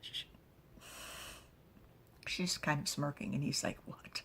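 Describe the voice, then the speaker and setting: A woman telling a story in a hushed, halting voice, recounting what the characters said. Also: low voice, fairly even intonation, a little hiss or hum. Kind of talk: whispered storytelling.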